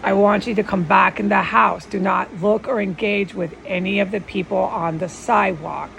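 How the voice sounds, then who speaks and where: A woman imitating a calm, stern male voice that gives slow, measured commands. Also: medium pitch, creaky, a little hiss or hum, rough recording.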